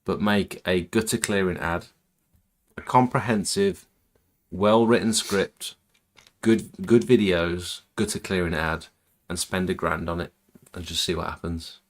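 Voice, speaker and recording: Guy hosting a stream, very deep voice, easygoing, plain-spoken. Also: fairly even intonation, measured pace. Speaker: pressure washing business owner and stream host. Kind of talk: casual chat on a livestream.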